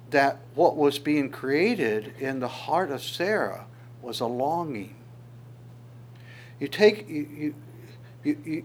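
A man preaching a sermon in an animated way, often repeating words and acting out quoted lines, with an occasional chuckle. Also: mid-range voice, a little hiss or hum. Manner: chuckles now and then.

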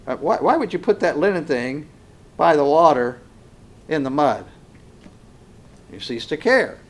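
A man preaching a sermon slowly and emphatically, swinging between loud passages and hushed ones. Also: fairly high pitch, lively intonation.

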